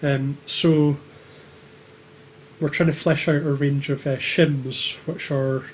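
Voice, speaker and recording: A man co-hosting a casual livestream, explaining things hesitantly and filling his pauses with lots of ums. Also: fairly high pitch, flat delivery, slight background noise. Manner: hesitant, with many filler ums. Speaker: co-host of a maker livestream.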